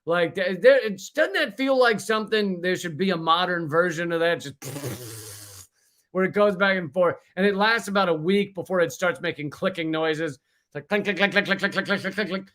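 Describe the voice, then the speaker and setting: A man streaming live from a stuffy room, talking in a high, bright voice. He rants casually and jokes a lot, with plenty of swearing. His delivery stays loose and animated as he hosts his own show. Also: normal speed. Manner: profane, joking, animated. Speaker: livestream host. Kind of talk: casual political livestream rant. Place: hot room without a fan.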